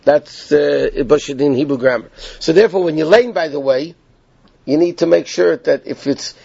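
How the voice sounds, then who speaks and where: A man's voice: a little high, moderate pace, gravelly, darkish tone, husky, no echo. A man teaching a Torah class, explaining a text step by step and checking in with his students. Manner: explanatory, repeats points and checks in with "okay?". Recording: dull, lo-fi and dry.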